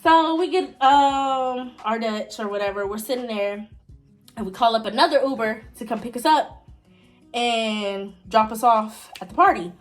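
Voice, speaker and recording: A woman's voice: a little slow, soft background music. A young woman telling a story to her viewers in a casual, chatty way, talking right to them. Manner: chatty, talks straight to viewers; big pitch jumps in excited moments.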